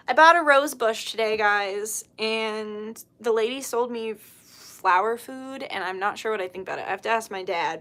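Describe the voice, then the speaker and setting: Woman, livestream host, bright and fairly high, chatty and blunt, casual chat. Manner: chatty, laughing storyteller, blunt when annoyed. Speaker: spiritual healer and livestream host.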